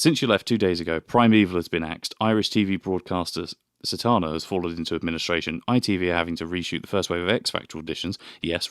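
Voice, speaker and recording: A man's voice: low voice, fairly bright tone, no room sound, studio quality. A young man co-hosting a podcast, chatting casually and reading passages aloud, with frequent laughter. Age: young adult. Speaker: podcast co-host.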